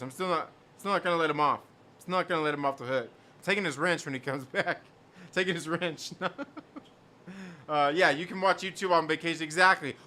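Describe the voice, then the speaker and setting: Casual male streamer reading chat; higher-than-average voice, repeats lines, quick to laugh. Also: sharp tone, slight background noise. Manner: rambling, repeats himself, laughs often. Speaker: host reading live chat.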